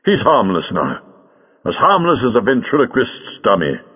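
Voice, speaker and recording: A man reading the Doctor, brisk. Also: lowish voice, huge pitch swings, a bit bright, slightly rough, big-room sound, exaggerated voice. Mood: commanding. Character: eccentric brisk male time traveller. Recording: dull lo-fi recording.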